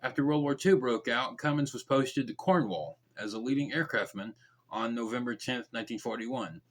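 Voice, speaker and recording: A man hosting a true crime podcast, reading the case aloud and breaking off into casual, joking side comments. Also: mid-range voice. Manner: reads facts briskly, then drops into mumbled, joking side comments.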